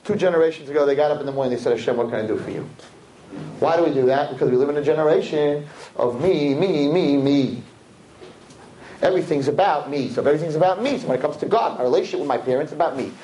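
A man giving a sermon to a live audience, preachy and animated, acting out little scenes as he talks. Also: fairly high pitch, racing, hardly any pauses, slight background noise, rough recording. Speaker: religious speaker.

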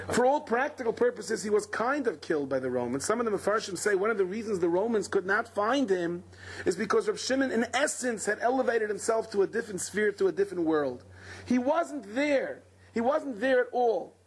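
A man's voice: high-pitched, husky. A man, a rabbi giving a Torah lecture, who tells stories dramatically and acts out the people he quotes. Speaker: rabbi teaching a Torah class.

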